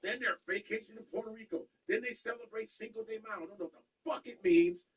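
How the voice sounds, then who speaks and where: A man on a casual podcast chat, animated and profane as he rants. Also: sits high, brisk, breathy edge, rough recording.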